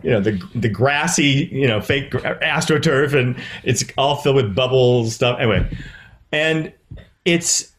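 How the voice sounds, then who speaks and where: A man who is an actor and producer, telling animated stories in an interview and often repeating words as he starts. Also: mid-range voice, unhurried, slight background noise. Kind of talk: casual interview storytelling.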